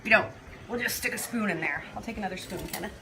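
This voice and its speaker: A woman with a medium-pitched voice talks fast while hosting a casual live cooking demo at a kitchen counter. Chatty and full of fillers, she addresses viewers as "you guys," with cutlery and pots clattering in the background.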